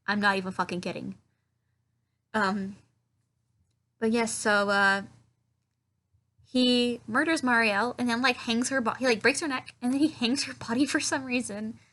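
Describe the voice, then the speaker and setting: Sarcastic woman reviewer with a profane recap delivery and a bright, slightly high voice. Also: steady tone, normal speed, long pauses. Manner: sarcastic, profane, mocking movie dialogue in silly voices. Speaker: film reviewer. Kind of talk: casual comedic film recap.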